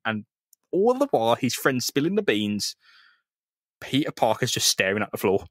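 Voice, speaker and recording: A man's voice: mid-range voice, big pitch swings, moderate pace, pauses often, fairly bright tone, no room sound, clean studio sound. A man, a podcast co-host retelling a comic in casual, sweary banter and acting out the characters' lines. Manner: loose, sweary storytelling that acts out characters' lines. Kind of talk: casual comic chat recapping a comic.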